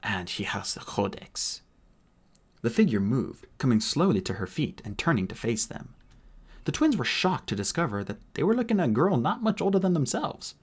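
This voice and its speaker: Husky male audiobook narrator. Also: mid-range voice. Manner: expressive, animated reading with voices. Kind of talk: casual audiobook reading.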